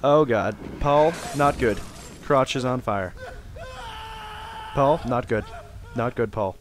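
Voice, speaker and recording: A young man giving joking let's play commentary, swearing often and bursting into shouts. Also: medium pitch, slow, slight background noise. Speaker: gamer.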